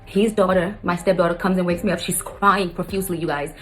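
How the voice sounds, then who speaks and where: A stepmother with a lowish, steady voice tells a family story quickly and emotionally to camera, with faint music behind her. She rambles and keeps turning to her viewers, calling them "you guys."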